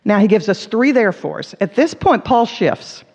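A woman's voice: mid-range voice, big pitch swings, moderate pace, a little mellow. A woman teaching a sermon, earnest and emphatic, repeating words for stress. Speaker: Bible teacher. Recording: dull recording with long hall reverb.

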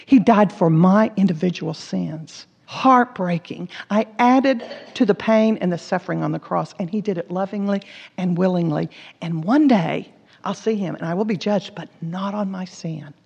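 Gravelly woman preaching in a hall. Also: lowish voice, normal speed, a little mellow. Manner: earnest, emphatic, repeats words for stress. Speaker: Bible teacher. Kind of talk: sermon. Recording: dull recording with long hall reverb.

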